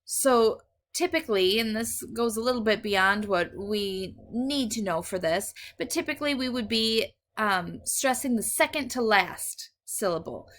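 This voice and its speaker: A woman's voice: on the high side, lively intonation, measured pace, a bit bright. Patient woman teaching Spanish. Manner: patient, explains step by step, switches between English and Spanish. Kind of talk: recorded grammar lesson.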